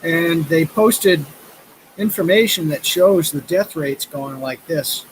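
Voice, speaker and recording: This fiftysomething vlogger is livestreaming from beside a river, telling meandering stories full of filler words in a casual chat. He speaks slowly in a slightly high voice, and the rough recording has a bit of hiss or hum.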